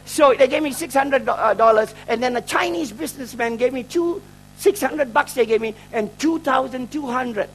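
With a very high-pitched voice at normal speed, a middle-aged Malaysian preacher who travels to speak recounts his testimony in a sermon. He pokes fun at himself and chuckles at his own jokes. The audio is poor, and slight noise sits in the background.

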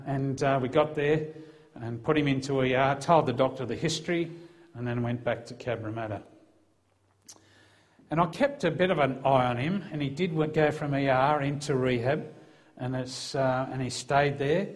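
A middle-aged man speaks to a gathered audience at a mid-range pitch in a relaxed, conversational voice. He acts out the back-and-forth of his story, lifting his voice whenever he quotes someone. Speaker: former police officer giving a testimony. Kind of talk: personal testimony told to a live audience.

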